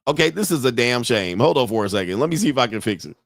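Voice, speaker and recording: Speaking quickly and with real animation, a man in the mid-range delivers loose, profane live-streamed commentary for his podcast, laughing often along the way. He uses a computer mic and webcam. The studio-quality recording has no room sound.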